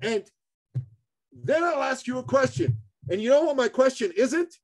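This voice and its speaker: A man with a notably high voice speaks as a podcast guest. He hammers his points with short repeated phrases. His delivery is animated and emphatic, like a coach driving a lesson home. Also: moderate pace. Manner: emphatic, acts out both sides of conversations.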